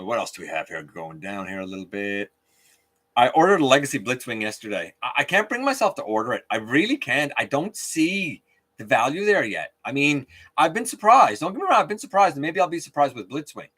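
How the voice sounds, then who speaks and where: Animated, bright-voiced man chatting live. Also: medium pitch. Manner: chatty, reads viewer comments aloud, outspoken. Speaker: live stream host. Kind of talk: casual live-stream chat.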